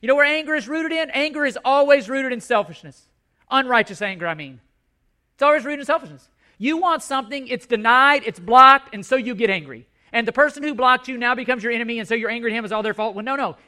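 A man's voice: very high voice, animated, fast talker, bright, forceful tone. A male pastor preaching a sermon, impassioned and emphatic, repeating his key points.

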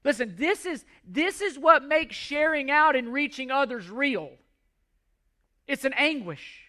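A man's voice: very high voice, animated, unhurried, pushed and bright. A middle-aged man preaching a sermon, earnest and pleading, often repeating words as he restarts. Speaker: pastor.

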